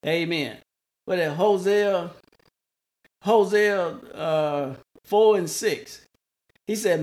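A man delivers a sermon at a slow, deliberate pace. His voice sits a bit higher than most men's. He leans on repetition and restarts words for emphasis. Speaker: preacher.

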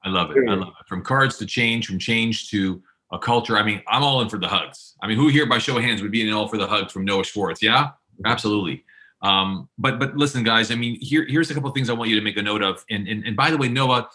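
A man's voice: on the low side, fast talker, bright, forceful tone. A man hosting an interview podcast, enthusiastic and prone to repeating words as he frames questions. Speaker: podcast host.

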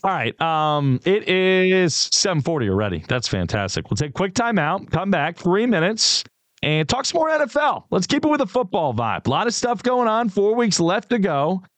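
A man's voice: sits high, sing-song, normal speed, a bit bright, dry recording. A male sports radio host, chatting casually and opinionatedly, talking straight to his listeners. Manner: opinionated, conversational, addresses listeners directly.

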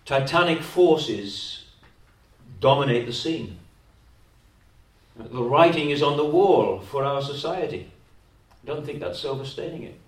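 A man's voice: a little high, expressive, a little slow, long pauses. A man with a Welsh accent preaching a sermon as a pastor, pressing his points with repeated words and rhetorical tag questions. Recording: echoey hall, distant mic.

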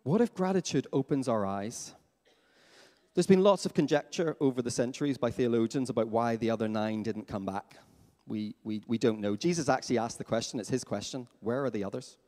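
A man preaching a sermon as pastor in a church, lively and questioning his congregation. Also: medium pitch, fairly quick. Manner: animated, asks the congregation questions. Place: church hall. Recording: long hall reverb.

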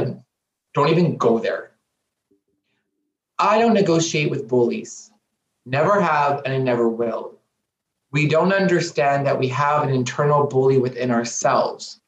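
A man's voice: medium pitch, normal speed. A man speaking as a guest in an interview, earnest and emphatic, often repeating himself for weight. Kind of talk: candid interview talk. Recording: roomy, dull lo-fi sound.

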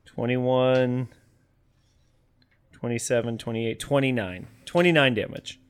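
A man's voice: medium pitch, steady tone, slow pace, smooth. A man playing a tabletop game, describing his attacks hesitantly with many fillers. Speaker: player. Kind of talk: casual tabletop play.

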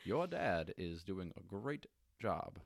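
A man doing a clumsy impression of a calm, measured president, speaking slowly and mock-solemnly. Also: low voice, gravelly, husky, heavily acted.

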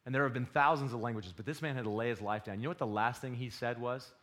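A man preaching a sermon, swinging between loud exhortation and quiet confession. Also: medium pitch, fast. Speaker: pastor.

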